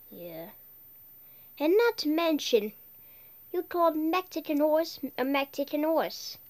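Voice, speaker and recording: A woman voicing squabbling contestants in an amateur cartoon, with a petulant, bickering delivery. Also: high-pitched.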